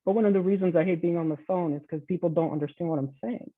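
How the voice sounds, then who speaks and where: A man's voice: on the high side, racing, dry recording. A man chatting casually in a group video call, laughing between thoughts. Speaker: roundtable participant. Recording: tinny dry phone-like call audio.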